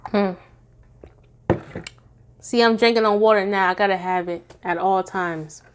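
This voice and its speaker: A woman's voice: medium pitch, fairly even intonation, unhurried, slight background noise. A woman giving a casual tarot reading to her viewers, chatty and goofy, laughing often and sounding tired. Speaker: tarot reader.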